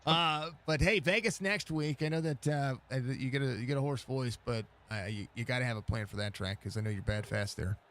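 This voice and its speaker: A man's voice: mid-range voice, fairly quick, few pauses, fairly bright tone. A man hosting post-race interviews in casual talk, laid-back and rambling, laughing often, on a headset mic. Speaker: race broadcast host.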